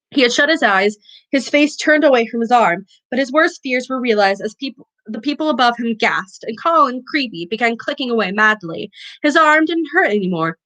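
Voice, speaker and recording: A woman reads a novel aloud for a book club, pausing to correct her own slips. Her voice is bright and sits a little high. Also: low-quality recording.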